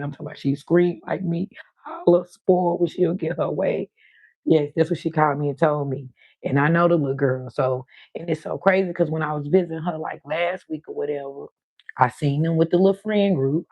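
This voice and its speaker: A woman's voice: deep voice, a little mellow, slightly rough, no echo, muffled recording. An older woman, hosting a live stream and chatting casually, telling stories full of quoted voices.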